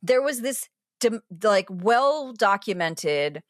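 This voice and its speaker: A woman, a TV critic and podcast co-host, explaining a show in animated casual chat, full of asides and restarts. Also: medium pitch, slow pace, no room sound, studio quality.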